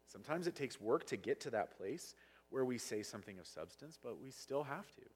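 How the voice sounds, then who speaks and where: A man preaching a sermon as pastor, passionate and sometimes loud, with a husky voice. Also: medium pitch, lively intonation, fairly quick. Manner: passionate, gets loud at times. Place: church sanctuary.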